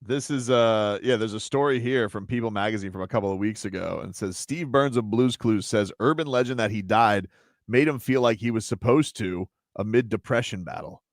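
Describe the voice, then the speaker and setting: A man's voice: lowish voice, fairly quick, no room sound, studio quality. A man hosting a radio show in casual chat, easygoing and wry, reading items aloud. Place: radio studio.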